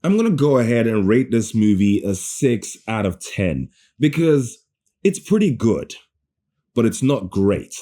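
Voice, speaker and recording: A man giving a ranting, sarcastic movie review, animated and swearing, often stumbling and restarting mid-sentence. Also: fairly low pitch, moderate pace, few pauses. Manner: sarcastic, animated rant with profanity.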